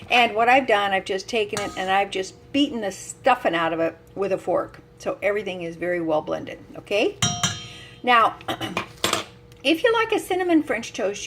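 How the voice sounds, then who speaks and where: A woman's voice: medium pitch, very animated, moderate pace, a bit bright, slight background noise. An older woman giving a chatty, folksy cooking demonstration in her home kitchen, laughing at herself often. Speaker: home cook.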